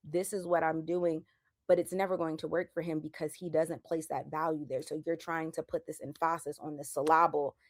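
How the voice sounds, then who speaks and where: A woman in her thirties hosting a casual chat, animated, slangy and emphatic as she makes her points. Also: low voice, a little fast, no room sound, studio quality. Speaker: podcast host.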